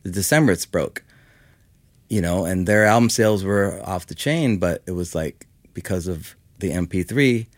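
This interview guest, a fifty-something musician from Los Angeles, California, talks in a rambling, casual way full of "like" and "you know." He has a low-pitched voice at a moderate pace, with no echo.

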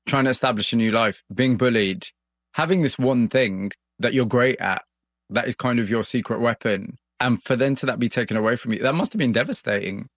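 A man hosting a broadcast interview, narrating a story and asking measured, empathetic questions. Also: medium pitch, dry recording. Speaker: radio host.

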